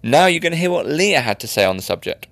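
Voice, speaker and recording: A man's voice: fairly high pitch, very animated, fast talker, a bit bright, no echo. A young man hosting a casual solo podcast, chatty and rambling with self-mocking asides. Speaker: podcast host.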